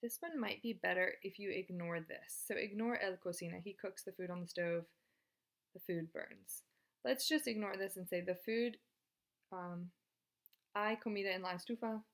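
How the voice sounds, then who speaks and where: Woman teacher recording a lesson video, relaxed and chatty, encouraging tone. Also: lowish voice, moderate pace. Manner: casual, chatty and encouraging, with fillers. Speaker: Spanish teacher.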